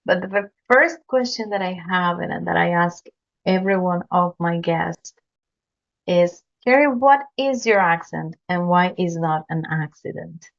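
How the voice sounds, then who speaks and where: Woman podcast host, earnest, unhurried delivery, muffled lo-fi sound. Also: lowish voice, vocal fry. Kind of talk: interview, formal introductions.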